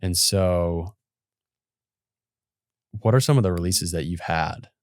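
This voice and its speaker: A man's voice: sits low, takes it slowly, no echo, clean studio sound. A man in his thirties hosting an interview, laid-back and casual, swearing now and then. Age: 30s. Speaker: podcast host.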